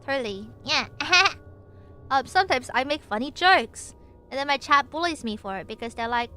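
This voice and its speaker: A woman's voice: high-pitched, expressive, normal speed, sharp tone, faint music behind. A young woman streamer reading aloud and chatting with viewers, playful and giggly with lots of jokey asides. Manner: chats with viewers between passages. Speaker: VTuber streamer.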